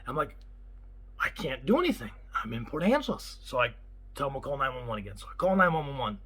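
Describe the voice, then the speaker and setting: A man, a property manager, telling a story in a casual vlog and acting out the quotes in an excitable way. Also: mid-range voice, fast, husky, poor audio. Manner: animated, excitable retelling with acted-out quotes.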